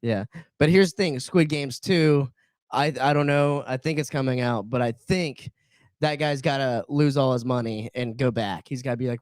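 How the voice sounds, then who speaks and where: A man's voice: mid-range voice, moderate pace, darkish tone, clean tone, dry recording. A man co-hosting a podcast in casual chat, rambling and repeating himself as he builds a point. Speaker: podcast co-host.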